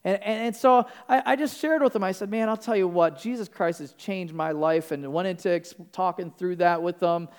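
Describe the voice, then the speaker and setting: A man's voice: high-pitched, normal speed, hardly any pauses, clear, resonant tone. A man, a pastor, giving a conversational sermon, often restarting and repeating words. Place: church.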